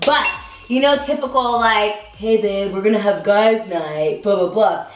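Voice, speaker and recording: A woman's voice: medium pitch, measured pace. A young woman co-hosting a casual chat, reacting with short interjections and then sharing her own story. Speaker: co-host. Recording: distant, echoey room with faint music.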